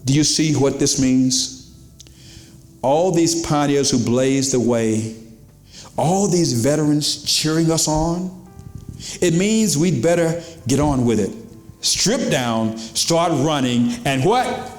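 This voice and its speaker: A man preaching to his congregation, his fairly high voice dropping low for emphasis and leaping up for exclamations. The sound carries the echo of a roomy church sanctuary. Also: lively intonation, slow, soft background music. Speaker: pastor. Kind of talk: sermon.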